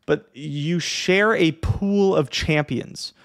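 A man casually explaining a strategy game to beginners in a chatty, lively way, with many fillers and the odd yawn. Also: fairly high pitch, slow pace. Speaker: streamer teaching a strategy game. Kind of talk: casual tutorial talk.

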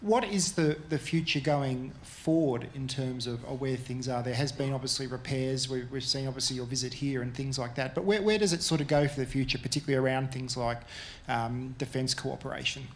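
A man's voice: medium pitch, brisk, hardly any pauses, slight background noise. Man, rambling reporter question. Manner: rambling, self-correcting, laughing easily. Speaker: journalist asking a question. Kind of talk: press conference question.

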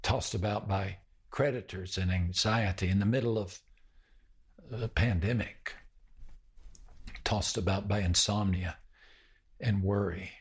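A male pastor preaching a sermon in a slow, measured way, with pauses and repeated phrases. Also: sits low, fairly even intonation, breathy edge.

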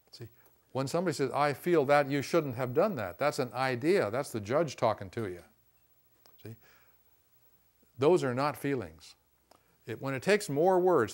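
A middle-aged man teaching a class in a room, talking to the group casually and often stressing his points with "see". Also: medium pitch.

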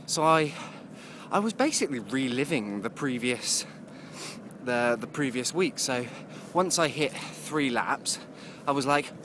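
A man's voice: medium pitch, animated, measured pace, background noise. A man, rambling casually in a video diary and often laughing. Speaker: vlogger.

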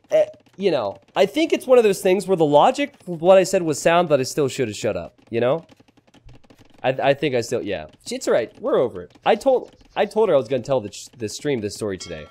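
An animated young man calls a strategy game live for his stream, his pitch swinging widely as he jokes with chat. He teases himself, tells stories and gets excitable when the action hits, speaking into a streaming mic. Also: moderate pace. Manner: joking, self-teasing, excitable.

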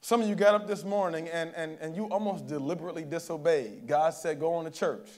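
A man's voice: a little high, fairly quick, a little mellow. A male pastor preaching a sermon at a church service in a conversational way, often checking in with the congregation.

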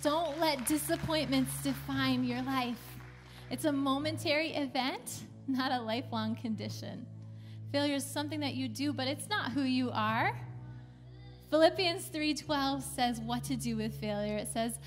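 A woman pastor giving a sermon in a relaxed, conversational storytelling way, with a few casual fillers. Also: sits high, a little slow, faint music behind. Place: church.

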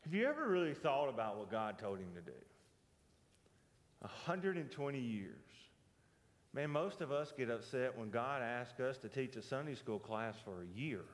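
A man's voice: mid-range voice, expressive, a little fast, few pauses. Man, Southern US accent, Bible teacher, folksy and joking, asks the class questions, echoey church hall. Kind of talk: casual church Bible lesson.

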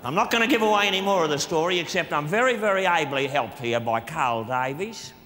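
A man playing a crude, drunk Australian diplomat with a boorish, gravelly manner, delivering a live comic monologue on a concert stage. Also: fairly high pitch, animated, brisk, bright, forceful tone. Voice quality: gravelly, blustering and vulgar. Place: large concert hall with audience. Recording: live hall recording with long reverb.

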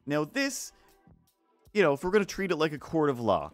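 A man's voice: fairly high pitch, huge pitch swings, normal speed, dry recording, soft background music. A man rambling sarcastically through a neighbor story during a casual art stream, acting out the quoted voices. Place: home art stream setup.

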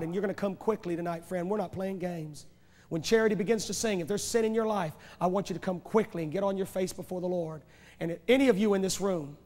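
A man's voice: high-pitched, a little mellow. A man preaching a revival sermon in a church, driving home his points with rhetorical questions and repeated phrases. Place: large church sanctuary. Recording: echoey church hall from a VHS tape.

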